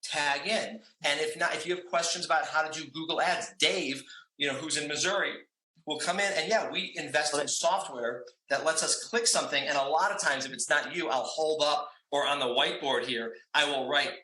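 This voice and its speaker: A man's voice: fairly high pitch, moderate pace, pushed and bright. Chatty man in an echoey room. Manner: chatty, laughs often, many fillers. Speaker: guest, trivia company owner. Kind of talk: casual interview chat. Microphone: video call setup.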